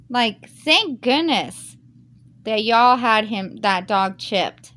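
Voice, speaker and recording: A woman's voice: fairly high pitch, expressive, slow pace, a bit bright. A woman who reads a Reddit post aloud and then reacts to it in a heated, emphatic rant. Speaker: YouTuber reading Reddit posts.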